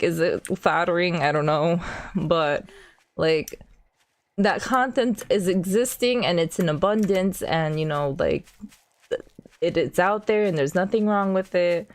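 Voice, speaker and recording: A woman's voice: on the low side, unhurried. A young woman streamer in casual chat while gaming, rambling and self-deprecating, full of fillers.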